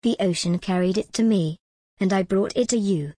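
A woman's voice: mid-range voice, moderate pace, warm tone, husky, no room sound, natural voice. A woman reading the lines of a serious sea captain in a storybook, firm and dry. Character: stern, serious older male sea captain.

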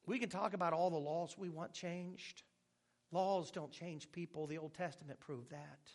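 A male pastor preaching a sermon with animated delivery and joking asides, at times dropping to a hushed tone. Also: fairly high pitch, normal speed.

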